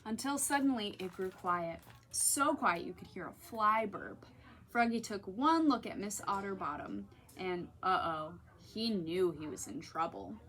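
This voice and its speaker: A woman's voice: mid-range voice, measured pace, slight background noise. A woman librarian reading a picture book aloud at children's story time, talking to the kids directly. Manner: animated, talks to children directly.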